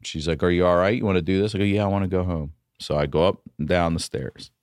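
A man, a comedian guest on a podcast, telling a story in a casual, profane, animated way. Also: deep voice, fast, no echo, clean studio sound.

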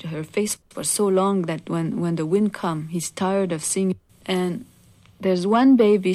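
A woman with a fairly low voice tells an old legend aloud. She takes her time and speaks casually, breaking in with little asides to her listeners. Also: a little mellow. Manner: unhurried, conversational, frequent "you see" asides. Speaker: storyteller. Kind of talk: oral legend telling.

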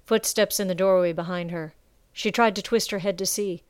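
Smooth-voiced woman narrating a story. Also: fairly low pitch, dry recording, studio quality. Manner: measured, expressive storytelling. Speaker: audiobook narrator. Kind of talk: scripted narration.

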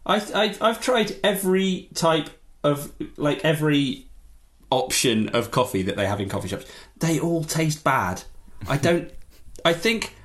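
A man's voice: a little high, unhurried. A man talking as a podcast guest, ranting in a casual chat. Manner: animated, exasperated rants.

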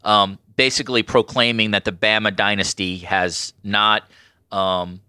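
A man with a New York accent hosting an interview podcast, speaking in an enthusiastic, animated way with quick asides. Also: fairly low pitch, clean tone, no room sound. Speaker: podcast host.

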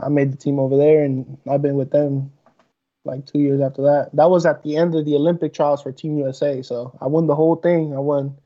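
A man guesting on a talk show, soft-spoken and hesitant, with many fillers. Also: medium pitch, highs cut off. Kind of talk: casual interview.

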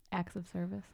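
A woman in casual chat who reacts with quick interjections and laughter. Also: lowish voice, gravelly, warm tone, no room sound, clean studio sound.

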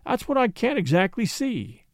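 A man voicing a gloomy, superstitious frontier dog-driver who talks in a slow, grave backwoods drawl. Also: high-pitched, wildly swooping pitch, no echo, studio quality, voice pushed up. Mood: brooding.

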